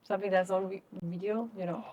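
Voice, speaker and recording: A young woman co-hosting a podcast, talking in a relaxed, reflective way with many "you know"s and "like"s. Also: medium pitch, a little fast, dull audio. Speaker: podcast co-host. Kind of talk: casual conversation.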